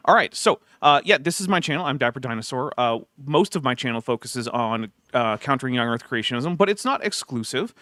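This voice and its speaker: A man hosting a casual livestream chat, talking in a relaxed way with lots of uhs and restarts. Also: mid-range voice, a little fast, hardly any pauses, no echo, studio quality. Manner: relaxed, filler-heavy talk with frequent uhs and restarts. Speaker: host.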